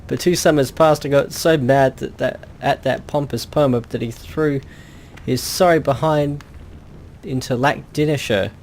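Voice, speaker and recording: A man's voice: mid-range voice, fairly even intonation, a little slow, darkish tone, a little hiss or hum, natural voice. A man voicing a drunk old male fisherman who slurs a salty sea-dog way of talking and calls everyone matey. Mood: grumbling. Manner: slurring sea-dog talk, says matey.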